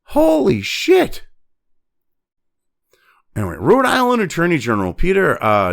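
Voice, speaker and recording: A man's voice: medium pitch, creaky, fairly bright tone. A man hosting ranting news commentary, profane and exasperated, sighing heavily and breaking off from reading news to vent. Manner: reads news text quickly, then breaks off to vent.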